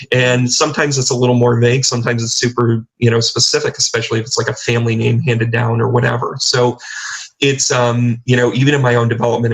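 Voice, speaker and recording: A man's voice: medium pitch, a bit bright, poor audio. Rambling middle-aged man on a talk show. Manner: rambling, many restarts and fillers. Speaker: guest. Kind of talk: casual interview talk.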